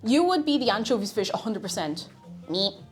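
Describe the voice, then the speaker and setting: Playful woman streamer with lively pitch. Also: brisk, soft background music. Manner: playful, rambling, reads out chat messages. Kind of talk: casual live-stream chat while cooking.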